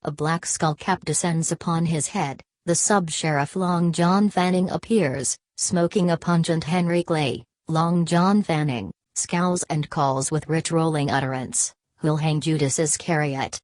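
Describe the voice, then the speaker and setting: A woman narrating a novel aloud in a measured, even reading manner. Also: low-pitched, no echo. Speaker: audiobook narrator. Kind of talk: scripted literary narration.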